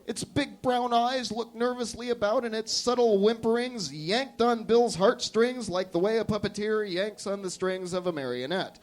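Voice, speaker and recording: A man, a performance artist, reading an absurd comic story aloud at a live café show in a deadpan storytelling manner. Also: sits high, moderate pace, few pauses.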